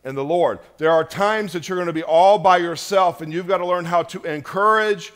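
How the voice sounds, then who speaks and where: A man with a fairly high voice preaches a sermon in a church. He swings from loud, emphatic peaks down to hushed, intimate lines, heard through a stage mic. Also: normal speed. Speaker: pastor.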